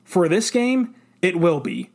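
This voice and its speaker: Excited male football podcast co-host, slightly higher voice, rapid rambling delivery. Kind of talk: casual sports talk.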